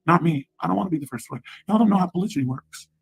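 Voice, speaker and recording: A woman ranting on a livestream, combative and profane, with sudden loud outbursts. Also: lowish voice, expressive, racing, creaky, husky.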